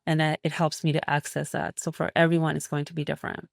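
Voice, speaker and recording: Woman doctor guest, low voice, calm flowing explanations, dry close sound. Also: fast, creaky, dry recording. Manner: warm, reflective, flowing explanations. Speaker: naturopathic physician guest. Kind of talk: interview conversation.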